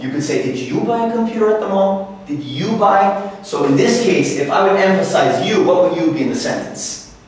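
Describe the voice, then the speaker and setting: A man with a slightly high voice teaches English in a classroom, asking the class questions and repeating example sentences. He's recorded from far off in a very echoey room, with slight background noise.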